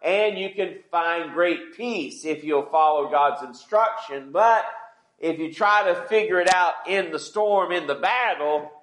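A man's voice: a little high, a little slow, a bit bright. A man preaching a sermon in a conversational way, asking the congregation questions as he goes. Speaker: pastor. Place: church sanctuary. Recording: echoey church hall.

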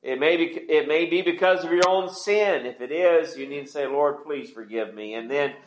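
Man, pastor, conversational sermon, slightly high voice, echoey church hall. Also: moderate pace, a little hiss or hum. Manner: conversational preaching, asks the congregation questions. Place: church sanctuary.

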